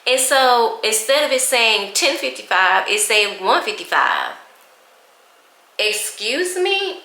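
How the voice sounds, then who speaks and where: A woman's voice: medium pitch, sharp tone. A woman, telling an emotional story to her viewers in a casual chat. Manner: emotional, chatty, addresses viewers as y'all. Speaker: vlogger. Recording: echoey room.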